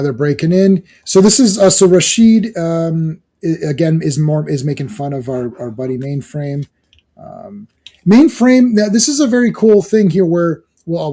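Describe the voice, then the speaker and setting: A man's voice: a little high, mellow. A man in his thirties co-hosting a casual talk show about comic books, rambling and acting out lines from the pages. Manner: rambling, acts out quotes from the comic. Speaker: podcast co-host. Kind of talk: casual comic book discussion.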